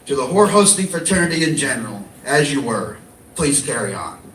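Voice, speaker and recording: An Australian man speaks with deadpan, wry humor, like a horror host giving an acceptance speech. His voice sits at an ordinary pitch. It carries from some distance across an echoey room, with a faint hiss of noise behind it. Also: fairly quick.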